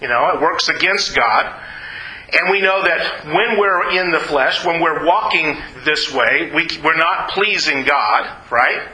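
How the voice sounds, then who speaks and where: A man teaching a Bible class, speaking haltingly with many repeated words and asking the group questions. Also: fairly high pitch, sharp tone, echoey room, slight background noise, poor audio.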